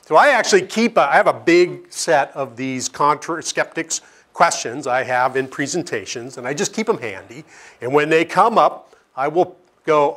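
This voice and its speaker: Speaking to a live audience, a middle-aged Seattle scientist delivers an informal lecture full of anecdotes, self-deprecating humor and frequent "okay?" checks. His voice is a little high and a bit bright, with lively intonation at normal speed.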